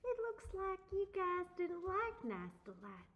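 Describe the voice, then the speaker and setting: A man voicing a sugary female doll teacher who speaks slowly and sweetly in a sing-song way. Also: very high-pitched, huge pitch swings, lo-fi sound, voice pushed up, heavily acted.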